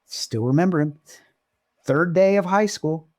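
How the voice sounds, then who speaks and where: A man co-hosting a podcast, telling stories in casual chat and jumping up in pitch when he gets excited. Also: unhurried, dry recording, studio quality. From Oregon. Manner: animated storyteller, pitch jumps when excited. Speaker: podcast co-host.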